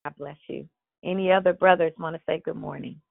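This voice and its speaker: Over a tinny phone line, a woman hosts a church prayer call, warm and encouraging with a sermon-like, preacherly cadence. Her low, gravelly voice moves fairly quickly in a dry recording.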